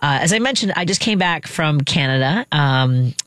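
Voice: mid-range voice, animated, normal speed, fairly bright tone, dry recording, clean studio sound. A podcast host in a casual monologue, rambling through sponsor thanks and politics with frequent self-corrections.

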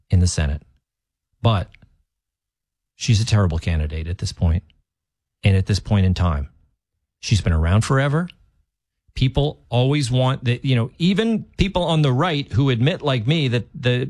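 A man's voice: on the low side, dry recording, studio quality. A man filling in as a talk radio host, delivering opinionated commentary in a conversational way with frequent restarts.

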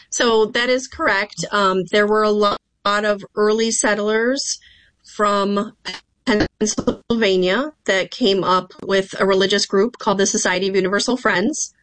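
A woman of middle pitch explains local history as a radio guest on the phone. She speaks with fillers and small restarts, and the sound is dry. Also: measured pace, a bit bright, no room sound, poor audio. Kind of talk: radio interview answers.

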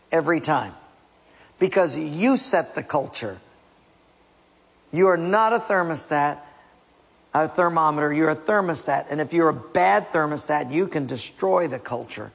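A man's voice: a little high, vocal fry. A man preaching a sermon emphatically, often dropping to a near-whisper, in a church hall. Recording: long hall reverb.

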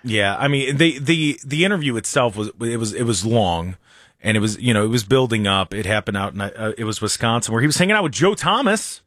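A male talk-radio host at a mid-pitched voice, joking and rambling through casual banter with lots of restarts and chuckles. He sits at a studio microphone in a dry, close room with no echo. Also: lively intonation, fairly quick, a bit bright.

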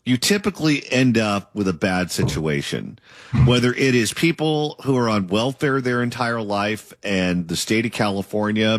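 A man's voice: fairly low pitch, no room sound, clean studio sound. A man interviewing a political candidate and asking long, opinionated questions.

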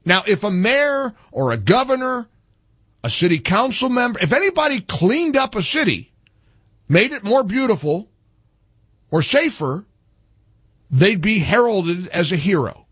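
Husky, sarcastic male commentary host. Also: high voice, measured pace, long pauses, no room sound. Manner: sarcastic and indignant, with animated rising emphasis. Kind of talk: opinionated monologue commentary.

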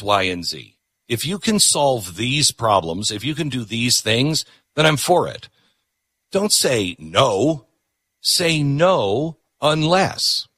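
A man's voice: medium pitch, bright, forceful tone, breathy edge, no room sound, clean studio sound. A man hosting a talk show, delivering an opinionated, emphatic monologue that repeats words for punch.

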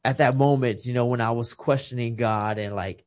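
A retired boxer in his thirties, appearing as a podcast guest, tells a personal story with feeling in a mid-range, darkish voice with fairly even intonation at normal speed. In this casual conversation he acts out the dialogue of other people in the story.

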